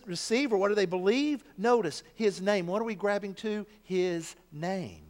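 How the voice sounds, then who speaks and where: A man's voice: high-pitched, moderate pace, hardly any pauses, big-room sound. A male pastor delivering a sermon, telling stories and building to emphatic declarations.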